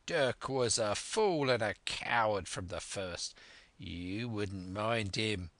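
A man voicing a fierce, scornful blind old pirate chief in a storybook reading, snarling slow commands. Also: fairly low pitch, fairly bright tone, no echo. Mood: scornful, commanding.

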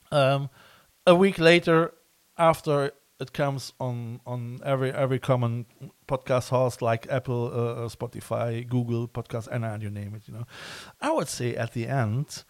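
A man hosting a casual podcast interview, talking in halting phrases full of restarts and fillers. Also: medium pitch, no echo. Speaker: podcast host.

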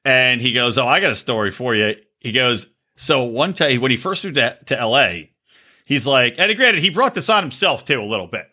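A man's voice: mid-range voice, moderate pace. A man co-hosting a podcast, telling a crude story in casual, profane chat and acting out the people he quotes. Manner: animated, acts out quotes with shifting voices; profane, laughs often. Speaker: podcast co-host.

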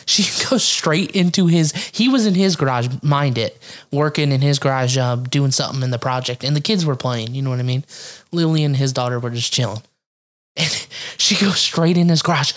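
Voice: medium pitch, normal speed. A podcast co-host from Ohio rambling through a casual story, cursing freely and laughing often. The delivery is loose and conversational, with fillers and restarts throughout. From Ohio, USA.

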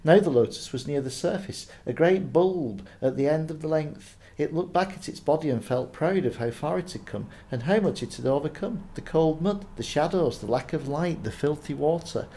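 Gravelly, lively-voiced male podcast host. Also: a little high, normal speed, few pauses. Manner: friendly, chatty, with ums. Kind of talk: podcast chat and storytelling.

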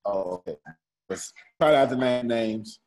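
Teaching a study group in a room with a small live audience, a man repeats his points and calls on listeners by name. His voice is medium in pitch and darkish, delivered at a measured pace.

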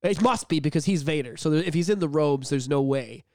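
An excitable man chatting on a podcast, his voice sitting high and close to the mic in a dry, dead room. He swears freely and jumps into acted-out quotes with big swings in pitch and loudness. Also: brisk, no echo. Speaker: podcast co-host. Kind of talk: casual podcast chat.

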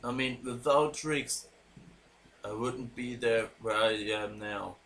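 A man hosting a podcast and commentating an online wrestling show. His delivery is emotional and halting, with restarts and repeated words. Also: a bit bright. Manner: deeply moved, emotional delivery.

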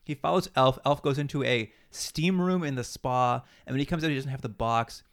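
A man's voice: medium pitch, a little fast, fairly bright tone. A man co-hosting a podcast, retelling TV episode scenes in casual chat and acting out the characters' lines. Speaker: podcast co-host.

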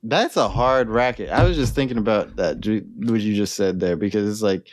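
A man's voice: on the low side, moderate pace, no room sound, studio quality. A man co-hosting a podcast in casual chat, laid-back, laughing often and pushing back on his friend. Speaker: podcast co-host.

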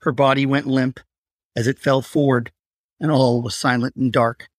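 A man reading a suspenseful crime story aloud in a steady, measured way. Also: medium pitch, no room sound. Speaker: narrator. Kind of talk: scripted story narration.

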